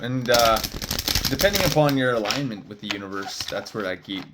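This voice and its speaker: A man's voice: fairly low pitch, brisk, very noisy. A man, a spiritual card reader, telling a meandering story in casual talk, full of "uh" and "like". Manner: meandering, heavy on "uh" and "like" fillers.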